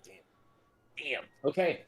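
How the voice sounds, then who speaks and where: A man running a tabletop game as game master, narrating in an easygoing, amused way. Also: takes it slowly.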